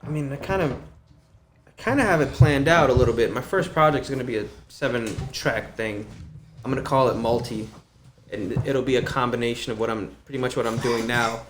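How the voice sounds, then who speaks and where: A young adult man chats casually as a podcast guest, swearing freely and leaning on "um" and "like." His voice sits at an ordinary middle pitch, with a faint hiss behind it. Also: brisk, reverberant. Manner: loose, profane storytelling with many fillers.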